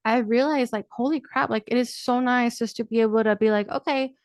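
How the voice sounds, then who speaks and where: A woman's voice: on the high side, fairly even intonation, brisk, dry recording, clean studio sound. A young woman hosting a podcast, talking candidly in a casual monologue, swearing freely and addressing listeners as y'all. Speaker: podcast host.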